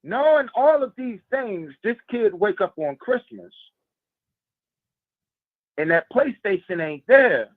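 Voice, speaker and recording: High-voiced man calling in by phone. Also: big pitch swings, slow pace, long pauses, dry recording. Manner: insistent, rhetorical questions. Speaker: caller. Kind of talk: casual call-in radio chat. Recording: phone line.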